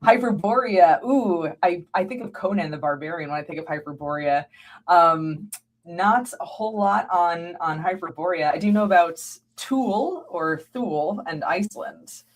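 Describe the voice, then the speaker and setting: A woman's voice: on the low side, animated, moderate pace. An American woman, a guest scholar, talking animatedly in an interview, laughing often and acting out what people say to her. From United States. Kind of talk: conversational interview.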